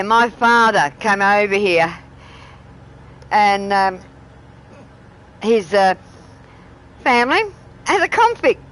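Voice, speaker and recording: A woman's voice: on the high side, poor audio. A middle-aged woman with a broad Australian accent chats loosely with her live-stream viewers. She rambles from story to story and keeps breaking into laughter. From Tasmania, Australia. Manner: chatty, rambling, laughs often. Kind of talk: casual live-stream chat.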